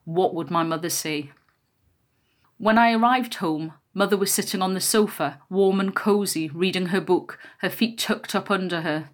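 A woman's voice: on the low side, moderate pace. Woman reading a memoir aloud. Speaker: narrator. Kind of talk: first-person memoir reading.

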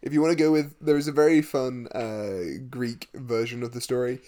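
A man chats about a film and old myths with sarcastic humor. His voice sits at an average pitch. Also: moderate pace, dark tone. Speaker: podcast co-host. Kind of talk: casual film chat.

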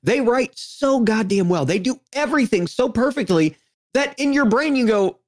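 Picture a speaker gushing about favorite movies in a loose, rambling conversation. The voice swings widely in pitch, climbing and dipping as the excitement builds, and the speaker curses now and then for emphasis. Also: normal speed. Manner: enthusiastic, rambling, swears for emphasis. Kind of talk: casual movie chat.

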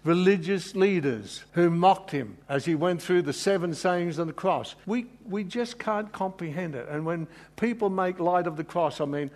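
A man's voice: sits high, moderate pace, hardly any pauses, darkish tone. A man preaching a sermon in an earnest, emotional way, rambling and restarting as he goes. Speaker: pastor.

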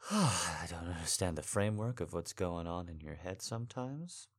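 Brief: young man, low voice, unhurried and tender, sighing boyfriend role-play, lively swings in pitch. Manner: soft, tender and reassuring, with frequent sighs. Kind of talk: intimate audio role-play.

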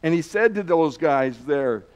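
A man teaching a lesson through a story, with dramatic pauses and restarts. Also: on the high side, lively intonation, darkish tone. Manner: repeats words while telling. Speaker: Bible teacher.

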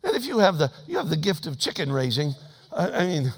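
A man with a high-pitched voice delivers a sermon in a folksy, humorous storytelling manner. He swings between emphatic, raised declarations and quiet asides. Each phrase trails off into the long reverb of a large church sanctuary. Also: huge pitch swings, a little fast, slightly rough. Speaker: pastor.

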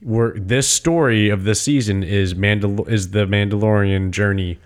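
A man co-hosting a casual chat, talking with excitement and cursing freely. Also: fairly low pitch, normal speed. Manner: animated, swearing, excited storytelling. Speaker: podcast co-host.

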